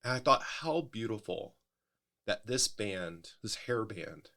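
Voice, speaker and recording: A man's voice: on the low side, lively intonation, slow, pushed and bright. A middle-aged male pastor in a casual podcast conversation, explaining at length in a thoughtful way, often restarting his sentences.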